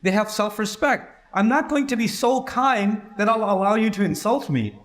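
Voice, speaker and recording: A man with a fairly high voice delivers a sermon. He talks in a relaxed, conversational way and acts out the people in his stories. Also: moderate pace. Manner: conversational, acts out quoted dialogue. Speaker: preacher.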